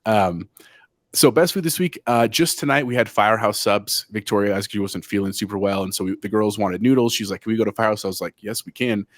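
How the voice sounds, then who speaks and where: Fast-talking podcast dude, lowish voice, rambles with excitement, dry sound. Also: male voice, dry recording. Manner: enthusiastic, rambling storytelling. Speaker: podcast co-host. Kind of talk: casual podcast chat.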